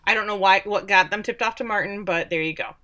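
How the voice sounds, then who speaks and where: A woman from Texas co-hosting a podcast, giving a sarcastic, animated recap of a show and acting out the quotes. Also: mid-range voice, fast talker. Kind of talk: casual chat.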